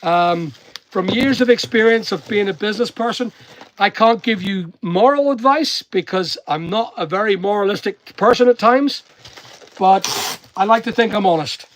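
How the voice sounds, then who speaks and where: A man's voice: high voice, normal speed, no room sound. A man from Northern Ireland with a half English, half Northern Irish accent, chatting casually and motivationally while packing orders. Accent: mixed English and Northern Irish. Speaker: online seller and vlogger.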